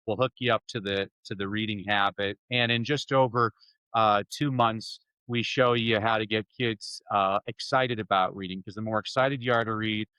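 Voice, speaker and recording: Bright, enthusiastic male podcast guest. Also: fairly low pitch, smooth, dry recording, rough recording. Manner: enthusiastic, jokey, animated storytelling. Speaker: guest speaker and author. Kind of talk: energetic conversational interview.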